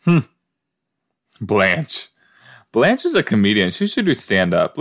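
A man's voice: fairly low pitch, huge pitch swings, slow, long pauses, a bit bright. A man hosting a casual watch-along podcast, chatty and full of exclamations, often trailing off mid-thought. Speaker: podcast host reacting to a sitcom.

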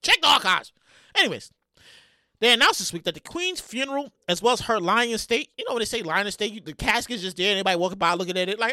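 A woman around forty hosting a podcast with animated solo commentary, loud and excitable, often yelling and swearing. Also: medium pitch, fast talker, dry recording, studio quality. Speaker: podcast host.

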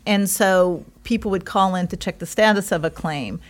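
A woman's voice: mid-range voice, normal speed. A woman from Iowa chatting casually, telling a story with frequent giggles. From Iowa, United States. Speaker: co-host telling how the couple met. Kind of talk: casual chat.

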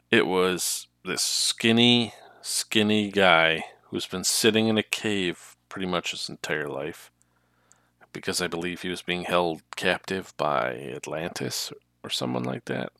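A man's voice: low-pitched, creaky, bright, forceful tone, clean tone, no echo, studio quality. A man co-hosting a casual podcast, chatty and eager to retell plots at length. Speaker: podcast co-host. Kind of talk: casual chat.

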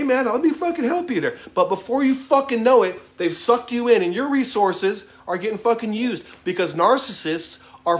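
A man's voice: high-pitched, fairly bright tone. Blunt, swearing man in his thirties. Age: 30s. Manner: blunt, heavy swearing, emphatic, self-revealing. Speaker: motivational vlogger. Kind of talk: profane motivational monologue to camera. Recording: echoey room.

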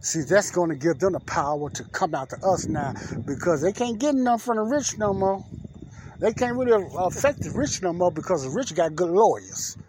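Guy ranting on his podcast outside at night, higher voice, keeps clearing his throat, bit of faint noise. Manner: folksy, preachy, clears throat often. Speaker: podcast host. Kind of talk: casual political commentary. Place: outdoors in the dark.

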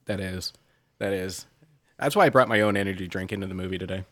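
A man's voice: deep voice, fast, a bit bright, no room sound. Wry middle-aged man hosting a podcast. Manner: wry, laughs often, swears casually. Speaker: podcast co-host. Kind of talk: casual chat.

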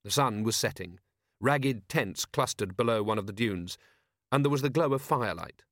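A man reading an audiobook in calm, measured narration with dry humor. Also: mid-range voice, dry recording. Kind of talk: scripted narration.

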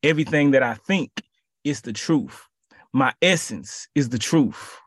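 A man giving a casual sermon in relaxed slang, repeating his phrases for emphasis. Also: medium pitch, measured pace, breathy edge, no room sound, studio quality. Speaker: preacher.

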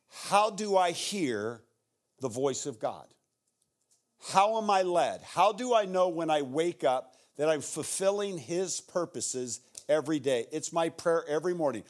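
An American man preaching a sermon as a guest pastor, his voice swinging widely in lively rises and falls. He sits a little high for a man and moves from shouted retellings to hushed prayer. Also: a little slow.

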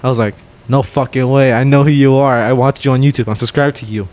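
A young man co-hosting a podcast, telling a story in casual chat, swearing and loudly acting out what people said. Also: mid-range voice, fast. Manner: animated, swears a lot, acts out quotes loudly. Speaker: podcast co-host.

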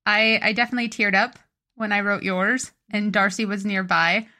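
A woman's voice: mid-range voice, fairly even intonation, moderate pace, sharp tone. A young woman co-hosting a podcast in casual chat, rambling and correcting herself as she recalls events. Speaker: podcast co-host.

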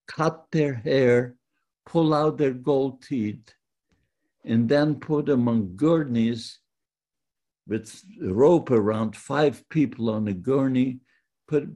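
An older man from Poland, slowly recounting his own life story in a plain, halting manner. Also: mid-range voice, mellow. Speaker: Holocaust survivor. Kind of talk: testimony storytelling.

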